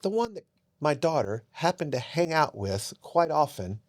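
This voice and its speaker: A man's voice: a little high, very animated, moderate pace. A boisterous man, a podcast guest, telling a long personal story in casual chat. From Seattle area.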